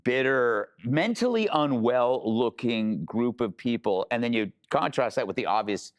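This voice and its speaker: A man's voice: mid-range voice, lively intonation, measured pace. A man on a news panel, mocking and sarcastic, often restarting his sentences. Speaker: co-host of panel show. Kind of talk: casual panel commentary.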